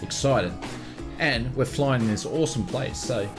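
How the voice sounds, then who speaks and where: A man's voice: mid-range voice, unhurried, over music. An Australian man live-streaming a flight simulator, chatting casually and greeting viewers by name.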